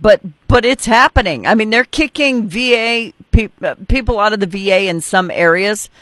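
Joking, opinionated talk show host. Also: male voice, high voice, moderate pace, sharp tone, no room sound. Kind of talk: political talk show interview.

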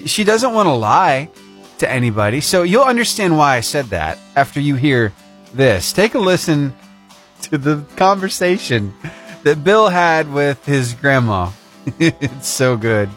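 A man's voice: a little high, sing-song, measured pace, a bit bright, soft background music. A man hosting a radio show in casual chat, chatty and laughing often.

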